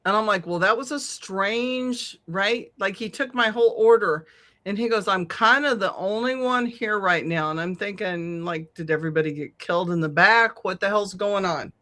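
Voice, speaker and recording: A middle-aged woman telling a long, animated story on a podcast, swearing freely and laughing often. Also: mid-range voice, normal speed. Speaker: podcast co-host. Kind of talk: casual storytelling chat.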